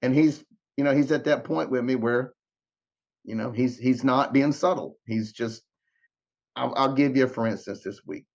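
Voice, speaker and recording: A mid-range male voice with vocal fry moves at a moderate pace, and the recording's highs are cut off. He's a podcast guest telling an emotional story with re-enacted dialogue, often stumbling into repeats and restarts.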